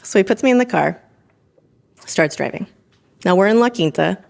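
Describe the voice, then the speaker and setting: A physician assistant in her thirties tells a personal story with animation, laughing often and acting out what people said. Her voice is medium-pitched and creaky, at a normal pace.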